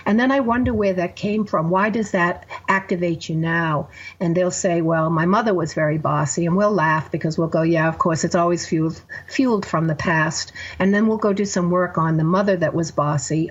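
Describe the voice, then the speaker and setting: A woman's voice: fairly low pitch, moderate pace, muffled recording. A woman therapist guest on a podcast, explaining her method step by step with examples. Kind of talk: podcast interview.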